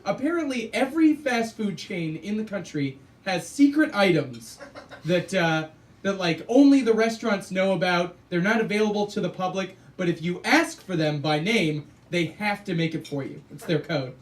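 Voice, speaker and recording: High-voiced stand-up comic, distant live club. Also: male voice, lively intonation, moderate pace. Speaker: stand-up comedian. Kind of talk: stand-up set. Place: small cafe club stage.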